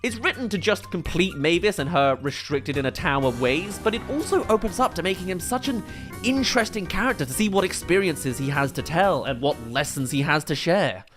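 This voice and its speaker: A man reviews films in eager, detailed analysis, picking apart shots and lighting. His voice sits a little high, with faint music under his commentary. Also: animated, brisk. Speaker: film reviewer.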